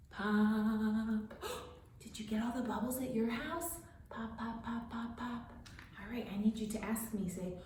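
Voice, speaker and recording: A high-voiced woman running a children's storytime, animated and sing-song, gasping with delight as she reads and sings. She speaks at an unhurried pace. Her voice rings around an echoey classroom. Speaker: children's librarian. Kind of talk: children's storytime with songs and signing. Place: library classroom. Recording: echoey room.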